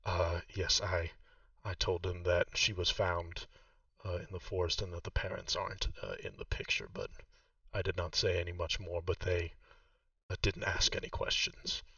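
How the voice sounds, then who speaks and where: A man voicing a polite town guard who speaks haltingly, full of pauses and fillers. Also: sits low, pushed and bright, no room sound, recorded from a distance, lo-fi sound. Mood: quiet. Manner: hesitant, halting, many fillers. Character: polite male town guard, middle-aged.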